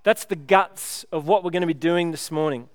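A man's voice: fairly high pitch, moderate pace, clear, resonant tone, no echo, clean studio sound. A man preaching a sermon, chatty and joking with the congregation. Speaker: pastor.

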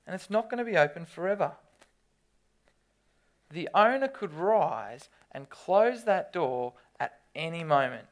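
Preacher, sermon, reads scripture aloud, lively dramatic storytelling, loud bursts. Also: medium pitch, creaky.

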